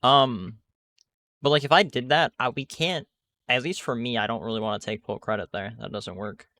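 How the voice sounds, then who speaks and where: A man's voice: medium pitch, moderate pace, pushed and bright, no echo. A young man casually commenting on the game he is playing, rambling with lots of asides and fillers to his chat. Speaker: gaming streamer.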